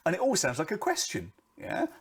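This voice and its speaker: A middle-aged British man coaching on camera presence, talking in an animated way and swinging his pitch and volume for emphasis. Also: brisk, husky.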